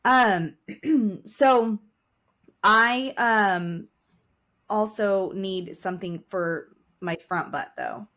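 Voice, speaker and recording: A woman's voice: medium pitch, very slow, a bit bright. Chatty woman podcast co-host. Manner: chatty, laughing, emotional storyteller. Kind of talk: casual chat.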